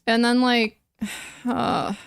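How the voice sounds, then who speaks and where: Young woman streamer with an emotional, chatty delivery full of "like" fillers. She has a slightly high voice and an unhurried pace. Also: little pitch movement, smooth. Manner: emotional, talks to her chat, frequent "like" fillers. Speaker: chess streamer. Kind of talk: casual live-stream chat.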